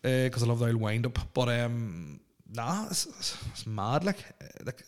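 Alone in a house, a male podcast host talks his way through a casual solo episode in a mid-range voice that swings widely in pitch and moves a little slowly. His delivery wanders, stumbling over words with lots of fillers and restarts.

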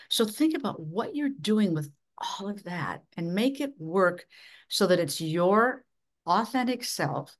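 A middle-aged woman from Minnesota appears as a guest on a podcast interview, offering measured, instructive advice as a leadership coach. Her delivery swings dramatically in pitch and volume.

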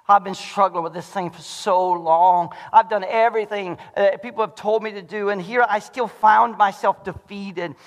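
A pastor preaching a sermon in a church, animated and swinging between shouting and hushed lows. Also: male voice. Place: church sanctuary. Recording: long hall reverb.

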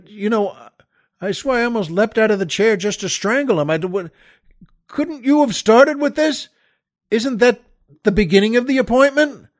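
A man's voice: high-pitched, no room sound, clean studio sound. A man hosting a show, telling a comic story in an exasperated, rambling, incredulous way. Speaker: podcast host.

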